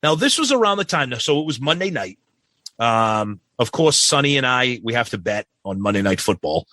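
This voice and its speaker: A man co-hosting a podcast, telling a crude, animated story in casual chat. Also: mid-range voice, normal speed, no echo. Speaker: podcast co-host.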